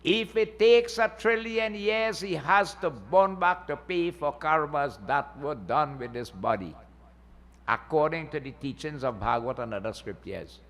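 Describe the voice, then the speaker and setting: A man's voice: fairly high pitch, animated, measured pace, fairly bright tone. A man, a pundit, gives a folksy Hindu sermon and keeps checking in with listeners by asking "eh?". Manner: folksy, asks the crowd "eh?" often. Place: Hindu temple hall. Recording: long temple hall reverb.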